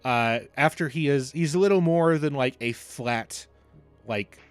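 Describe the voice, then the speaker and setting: Casual game master, man, mid pitch, loose filler-heavy narration over faint music. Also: measured pace, no room sound.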